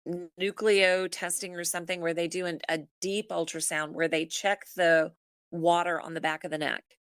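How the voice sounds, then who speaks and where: Lower-voiced woman telling a story. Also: moderate pace, clean tone, no room sound. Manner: animated storyteller who acts out family dialogue. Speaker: podcast guest. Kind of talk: casual storytelling in conversation.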